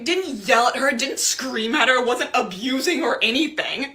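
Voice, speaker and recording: Woman, high bright voice, profane exasperated TikTok rant. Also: lively intonation, moderate pace, few pauses. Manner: profane, exasperated, laughing ranting. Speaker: TikTok commentator. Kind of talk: casual ranting commentary.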